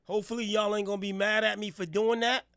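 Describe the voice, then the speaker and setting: A middle-aged man from New Jersey hosting a live hip hop radio stream, firing off hype shout-outs in street slang. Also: high-pitched, flat delivery, quick pace, no echo, studio quality. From New Jersey, USA. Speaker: radio host reviewing music. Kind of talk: hype livestream radio talk.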